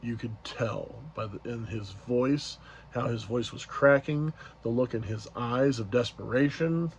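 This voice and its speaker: Guy vlogging, rambly storytelling, lots of ums, mid-pitched voice. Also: unhurried, a little hiss or hum. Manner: rambling, with many fillers and restarts. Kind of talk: casual storytelling recap.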